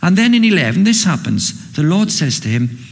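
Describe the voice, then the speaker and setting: Gravelly husky male preacher in a hall. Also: a little high, big pitch swings, moderate pace. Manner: dramatic, acts out scripture with sudden loud and hushed swings. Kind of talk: sermon. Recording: long reverb of a large hall.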